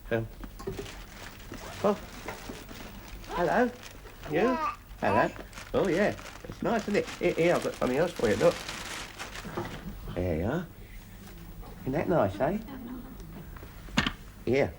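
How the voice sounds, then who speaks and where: An actor playing a bumbling, sheepish middle-aged husband, hesitant and stammering. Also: male voice, fairly high pitch, sing-song, takes it slowly, pauses often, exaggerated voice. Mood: cooing. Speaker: sitcom husband. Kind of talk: 1970s studio sitcom acting. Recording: noisy TV soundtrack.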